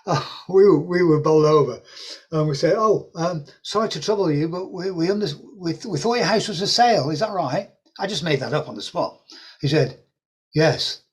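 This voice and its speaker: A man presenting a property investing course, telling rambling, animated anecdotes with frequent restarts and repeated words. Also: fairly high pitch, moderate pace, slightly rough. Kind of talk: anecdotal storytelling to an audience.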